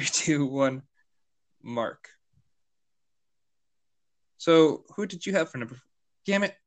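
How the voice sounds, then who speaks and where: A man co-hosting a casual podcast, playful and joking. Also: medium pitch. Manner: playful, counting in takes, laughing. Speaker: podcast co-host.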